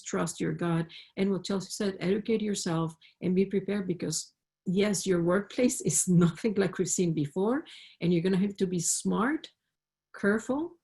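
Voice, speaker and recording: A woman's voice: fairly low pitch, gravelly, a little mellow. A woman professor with a Spanish accent, a native Spanish speaker, telling stories earnestly on a panel over a video call and repeating words as she starts sentences. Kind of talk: panel discussion.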